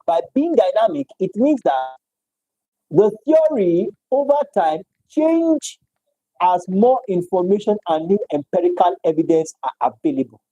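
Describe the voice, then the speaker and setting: A man gives a university lecture with a very mellow, dark tone and a slightly raised pitch. He repeats his points and keeps checking in with "all right?". The sound is dry and close to the mic. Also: dry recording, rough recording. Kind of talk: live-streamed economics lecture.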